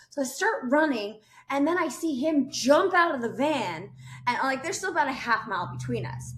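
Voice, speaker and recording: A woman guest on a podcast telling a story in an animated way, acting out quotes and laughing often. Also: high-pitched, moderate pace, echoey room. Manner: expressive, acts out quotes loudly, laughs often.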